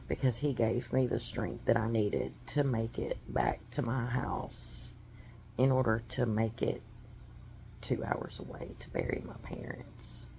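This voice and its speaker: A woman's voice: very deep voice, very animated, unhurried, creaky, mellow, slight background noise. A woman giving a personal testimony, telling her story in an earnest, emotional way.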